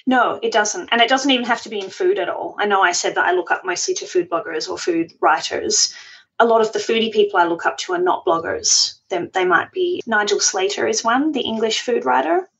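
A woman's voice: medium pitch, lively intonation, brisk, creaky, a bit bright. Chatty woman on a dull lo-fi line. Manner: chatty, self-deprecating, laughs often. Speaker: podcast guest, food blogger. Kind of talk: conversational interview.

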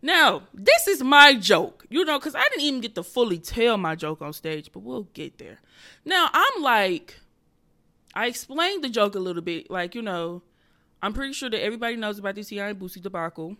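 A young woman comedian hosting her own podcast, telling a story in a casual, profane, animated way. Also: mid-range voice, quick pace.

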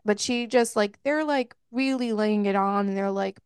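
A woman's voice: medium pitch, animated, moderate pace, few pauses, darkish tone, clear, resonant tone, no echo, clean studio sound. A woman co-hosting a podcast, casually recapping a book in a chatty way, swearing freely and laughing as she goes. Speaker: podcast co-host. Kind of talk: casual book review chat.

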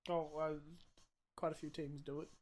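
A man's voice: on the high side, flat delivery, normal speed. A young Australian man co-hosting a podcast, talking casually with lots of hesitation and trailing off. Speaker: podcast co-host. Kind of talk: casual chat.

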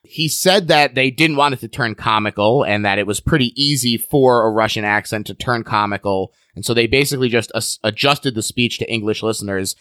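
A man's voice: mid-range voice, a little fast, no room sound. Man hosting a podcast, dry sound. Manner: asks questions in a relaxed, conversational way. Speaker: podcast host. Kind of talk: casual podcast discussion.

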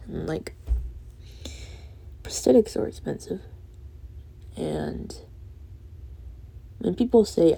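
A drowsy young woman ranting late at night, rambling and swearing with soft laughs breaking in. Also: fairly low pitch, lively intonation, takes it slowly, vocal fry, pauses often, husky. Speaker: vlogger.

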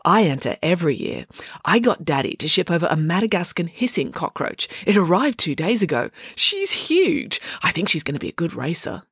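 A woman's voice: on the low side, very animated, a little fast, a bit bright, slightly rough, dry recording, clean studio sound, heavily acted. A woman voicing a bubbly, wealthy girl who gushes with delight. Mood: gushing. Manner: gushing, delighted. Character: rich, bubbly posh girl.

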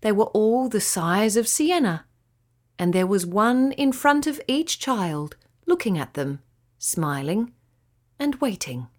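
A woman narrating a children's bedtime story in a gentle, expressive way. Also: medium pitch, slow pace.

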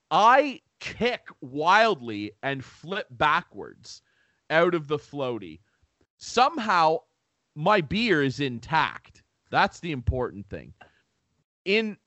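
A man hosting a podcast, telling a comic story in an animated, profane, self-mocking way. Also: on the high side, no echo. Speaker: podcast host.

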